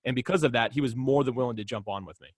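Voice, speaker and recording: A man's voice: mid-range voice, racing, no room sound, studio quality. A man as a podcast guest, telling a story in casual talk and acting out both sides of the conversations.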